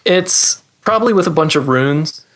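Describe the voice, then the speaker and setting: A man's voice: a little high, lively intonation, normal speed, a bit bright. Rambling self-deprecating male podcast guest. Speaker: guest, guitar pedal maker. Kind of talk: casual interview chat.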